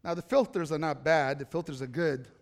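A man's voice: fairly high pitch, fairly even intonation, brisk. A man telling a personal story to a live audience in a chatty way, often turning to ask the listeners questions. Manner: conversational, asks the audience questions. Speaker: speaker addressing an audience. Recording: reverberant hall.

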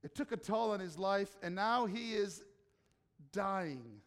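Preaching with a high, animated voice, the pastor swings from quiet, slow moments to loud proclamations and asks his listeners rhetorical questions. The sound is that of a big room.

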